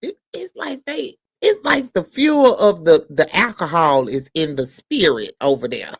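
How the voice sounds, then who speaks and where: A man hosting a casual gossip commentary show, halting and full of restarts. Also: a little high, very animated, vocal fry, slightly rough, dry recording. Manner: halting, restarts, slow delivery. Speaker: host.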